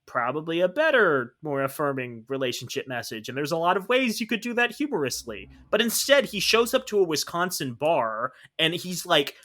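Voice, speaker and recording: A man with a bright, forceful voice co-hosting a podcast in casual chat. He rants with sarcastic disdain, piling up complaints. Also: a little high, very animated, moderate pace, few pauses. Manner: sarcastic, ranting. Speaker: podcast co-host.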